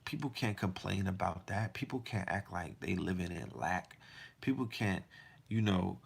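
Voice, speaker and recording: A man's voice: deep voice, moderate pace, creaky, breathy edge. A man hosting a podcast, delivering a heated, profane monologue full of rhetorical questions. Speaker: podcast host.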